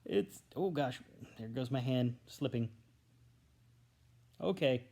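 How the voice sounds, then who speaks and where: A man rambles on his own into a tablet held at arm's length, filling pauses with ums and uhs. He stammers and restarts often and wanders between thoughts without a clear point. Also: mid-range voice, expressive, a little mellow. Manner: hesitant, stammering, trails off with fillers. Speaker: vlogger. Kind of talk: rambling casual monologue to camera. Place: alone at home, indoors.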